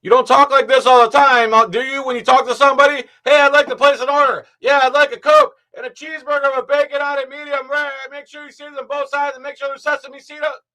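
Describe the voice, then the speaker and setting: A man putting on a high, shouted voice to mock someone who talks in all caps. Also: little pitch movement, fast, few pauses. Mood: yelling. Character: man yelling every word like caps lock.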